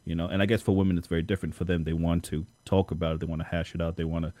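A young man with a very low voice hosts a podcast, thinking aloud and stumbling over repeated words. The recording is dry and close, with no room sound. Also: flat delivery, racing, warm tone, dry recording. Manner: thoughtful, hesitant, repeats words. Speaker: podcast host. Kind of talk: casual conversation.

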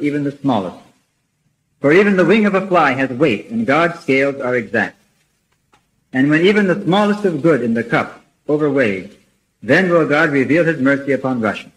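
A man delivers a religious lecture in a steady, earnest voice, reading from prepared notes. His pitch sits in an ordinary middle range. He pauses now and then to clear his throat before the next passage. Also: poor audio. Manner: measured and earnest, reads quotations aloud.

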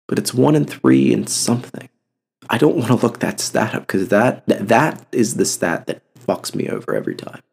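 A man's voice: medium pitch, huge pitch swings, moderate pace, creaky, darkish tone, husky. A young man hosting a solo podcast, talking bluntly and passionately with heavy cursing. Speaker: podcast host. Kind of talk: casual solo podcast talk.

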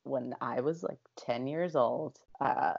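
A woman's voice: very deep voice, slow, vocal fry, husky, muffled recording. A woman co-hosting a casual movie chat, chatty and sharing fun facts. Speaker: podcast co-host.

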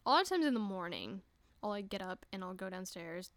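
A young woman hosting a casual solo podcast, chatty and giggly, swearing freely and breaking into quick voices. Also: medium pitch, expressive, dry recording. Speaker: podcast host.

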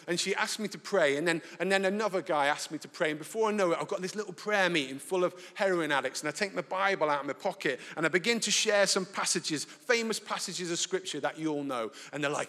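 Bright-voiced preacher in a hall. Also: male voice, fairly high pitch, fast, few pauses. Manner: animated storyteller, self-deprecating, acts out voices. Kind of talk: sermon with personal storytelling. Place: church, live. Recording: reverberant church hall.

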